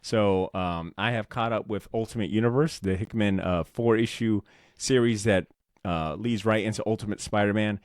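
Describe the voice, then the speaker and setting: A man co-hosting a comics podcast, talking in a rambling, animated way with lots of fillers and casual swearing. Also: lowish voice, moderate pace, no room sound, clean studio sound. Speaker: podcast co-host. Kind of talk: casual chat about comics.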